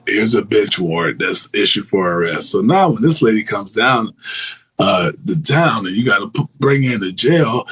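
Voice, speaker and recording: A man's voice: mid-range voice, normal speed, breathy edge, low-quality recording. A man, a former corrections officer, telling vivid stories in a casual interview and acting out the voices of people he quotes. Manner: animated storyteller, acts out quoted voices, restarts often.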